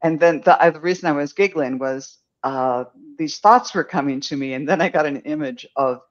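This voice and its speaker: An older man delivers a live psychic reading in a soft, rambling way, his voice pitched a touch high. The sound is dull and lo-fi, like a low-quality stream feed. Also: normal speed. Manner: rambling, gentle, giggly. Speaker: psychic medium.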